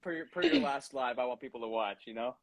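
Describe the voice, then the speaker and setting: A man's voice: mid-range voice, huge pitch swings, fairly quick, gravelly, a crowd in the background. A man joining a livestream as a guest on a phone video call, chatting in a playful, teasing way. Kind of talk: casual video-call chat.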